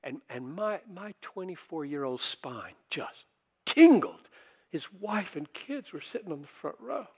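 Slow, animated older male preacher. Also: fairly high pitch, husky. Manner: conversational preaching that swells to forceful emphasis. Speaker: pastor. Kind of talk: sermon.

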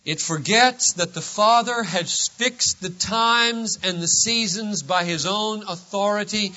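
A man preaching a sermon as pastor, emphatic and swinging between loud declarations and hushed asides, on a dull lo-fi recording. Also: sits high, slow, hardly any pauses.

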